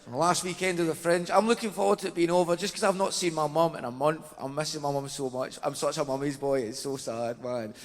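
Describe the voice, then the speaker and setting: Glaswegian man, stand-up comic, chatty and self-mocking, a bit high, theatre reverb. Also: steady tone, a little fast, hardly any pauses. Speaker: stand-up comedian. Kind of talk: stand-up set. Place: large theatre stage. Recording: theatre with long reverb, faint noise.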